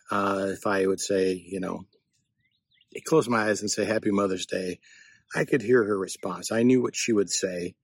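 A man shares writing advice outdoors in a loose, reflective monologue, drifting from thought to thought. His voice is husky and sits fairly low, and the sound is dry and close with little room echo. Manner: reflective, meandering. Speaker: writer giving writing tips. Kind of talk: casual spoken monologue. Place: outdoors, not in a studio.

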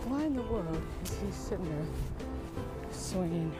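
A woman's voice: fairly low pitch, animated, unhurried, over music. An older woman hosting a casual comedy podcast, chatty and prayerful, often laughing as she talks. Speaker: podcast host.

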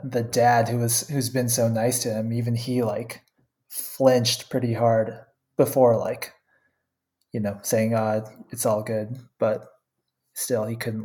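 A co-host in a casual anime discussion, talking in a relaxed, laid-back way and laughing softly. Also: mid-range voice. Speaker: podcast co-host.

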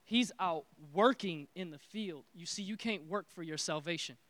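High, bright-voiced energetic preacher man. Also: moderate pace, dry recording. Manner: energetic, repetitive call-and-response preaching. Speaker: pastor. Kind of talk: sermon.

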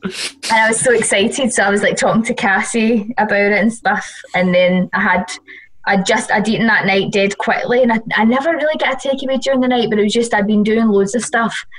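A woman's voice: mid-range voice, a little fast, low-quality recording. A young woman with a Scottish accent, a radio presenter chatting as a guest in a casual, self-mocking way, laughing often. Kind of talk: casual chat.

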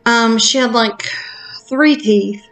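A woman telling a story in a casual, frank, animated chat, with lots of fillers. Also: a little high, slow, faint music behind.

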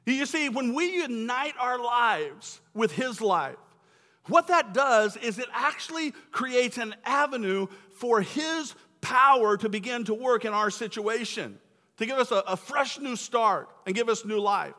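A man's voice: very high voice, animated, a little slow, pushed and bright. A male pastor giving a sermon in a church sanctuary, talking in a conversational, emphatic way. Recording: long reverb of a church hall.

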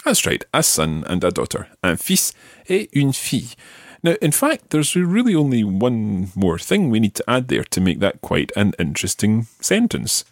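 A man teaching a podcast language lesson, patiently modelling words slowly for the learner to repeat. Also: lowish voice, wildly swooping pitch, no echo, studio quality.

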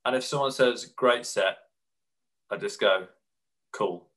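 A man co-hosting a podcast in casual chat, telling animated stories and slipping into quick mimicked voices of other people. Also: mid-range voice, low-quality recording. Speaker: podcast co-host.

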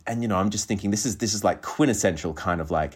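A young Australian man, a voice actor, chatting casually on a podcast and telling stories with quick laughs. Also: on the low side, slightly rough. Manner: animated storytelling, quick laughs. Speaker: voice actor guest.

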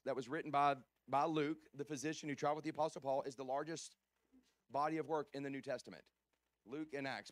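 A male pastor preaching a sermon, swinging from loud preaching to hushed storytelling and often clearing his throat. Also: mid-range voice, no echo. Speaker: guest pastor.

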